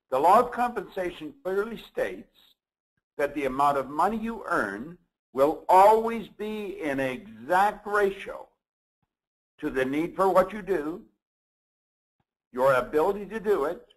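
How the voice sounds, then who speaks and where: A man hosting a motivational program, lecturing with deliberate, emphatic delivery. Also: fairly high pitch, poor audio. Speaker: motivational speaker and program host.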